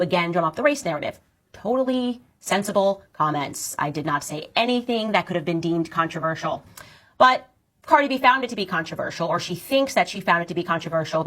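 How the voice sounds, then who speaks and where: A woman's voice: fairly low pitch, a bit bright. A woman hosting her commentary show, arguing her point in a confident, dismissive way. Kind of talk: political commentary monologue.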